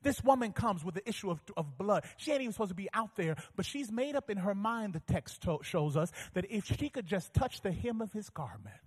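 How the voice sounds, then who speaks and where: A man preaching a sermon as pastor, telling stories with animation and building to fervent shouting. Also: high voice, sing-song, brisk, few pauses, husky, long reverb tail.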